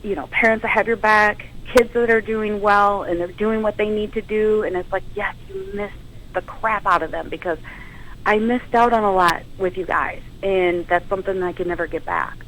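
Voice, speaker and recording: A woman's voice: medium pitch, normal speed, rough recording. A woman in her thirties, a firefighter and paramedic, telling her story as a guest in a radio interview. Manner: storytelling, emotional, animated quotes.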